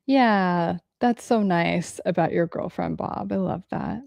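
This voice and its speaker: A woman's voice: fairly low pitch, slow, vocal fry, a little mellow, no echo. A woman hosting a casual livestream, answering viewer comments candidly and swearing freely.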